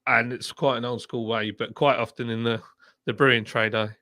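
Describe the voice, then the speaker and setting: A man's voice: mid-range voice, flat delivery, moderate pace, bright, forceful tone, no echo, clean studio sound. A man hosting a casual livestream chat, talking bluntly and laughing often. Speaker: livestream host, former brewery boss.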